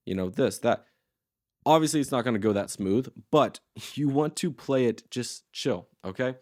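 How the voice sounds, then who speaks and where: A man's voice: medium pitch, animated, normal speed, darkish tone, dry recording, studio quality. A man in his twenties teaching a casual tutorial, talking in a loose, slangy and blunt way. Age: 20s. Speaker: course host.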